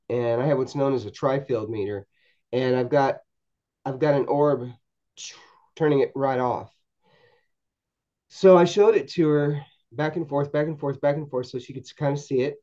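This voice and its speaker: A man telling a story as a podcast guest, in a halting way with many repeated words and restarts. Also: medium pitch, dark tone, muffled recording. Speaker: podcast guest, paranormal investigator. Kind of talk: storytelling anecdote in a podcast interview.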